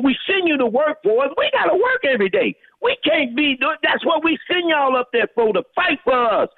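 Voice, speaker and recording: A man's voice: very high voice, dry recording. A male caller from Houston, Texas, ranting emphatically with a preacher-like cadence to a talk radio host. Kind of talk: fired-up call-in rant. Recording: phone line.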